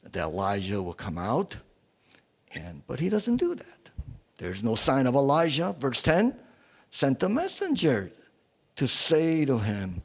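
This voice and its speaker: A male guest preacher gives a sermon at a small church. He speaks slowly, in a husky voice whose pitch rises and falls widely. He halts often with fillers and keeps asking the congregation rhetorical questions. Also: sing-song.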